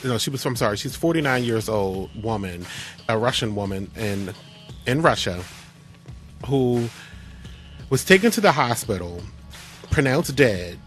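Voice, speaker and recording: A man hosts a casual radio talk show at a mid-range pitch. He tells stories in an animated way, stumbling and restarting as he goes. Faint music plays underneath. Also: a little slow, long pauses. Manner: animated storyteller, restarts often.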